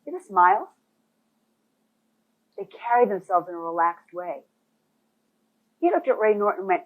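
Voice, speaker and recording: A medium-pitched woman presents a real estate boot camp at a moderate pace, leaving long pauses. She's animated, emphatic, and speaks directly to the audience, with audio that sounds thin, like a phone.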